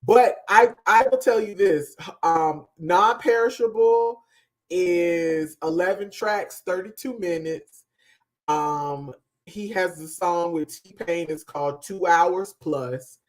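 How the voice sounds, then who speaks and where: A woman co-hosting a podcast, giving a casual, emphatic music review that trails off softly at the ends of thoughts. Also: on the low side, slow. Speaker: podcast co-host.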